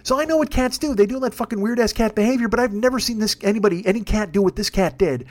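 A man spinning a comic story at a quick clip in a high voice, swearing freely and rambling. He talks in an animated, casual podcast style. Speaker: podcast host. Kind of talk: comedic storytelling.

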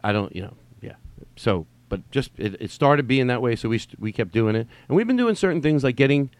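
A man's voice: medium pitch, animated, a little fast, dry recording. A man hosting a solo podcast from home, talking in a rambling, digressive way, swearing and repeating himself. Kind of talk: rambling casual monologue. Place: at home during quarantine.

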